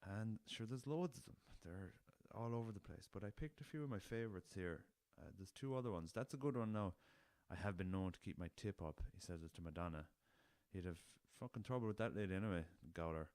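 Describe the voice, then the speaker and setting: Young Irish male podcast host, deep voice, loose and jokey, swears a lot, dry recording. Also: animated, fairly quick, a little mellow, no echo. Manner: laughing at his own jokes, swears freely, rambling. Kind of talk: casual solo podcast chat.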